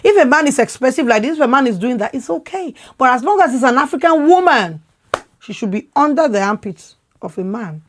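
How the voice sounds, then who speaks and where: Emphatic Nigerian woman, lively pitch. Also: fairly quick. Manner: emphatic, repeats words when worked up; loud, expressive way of talking. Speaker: podcast host. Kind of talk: impassioned opinion talk.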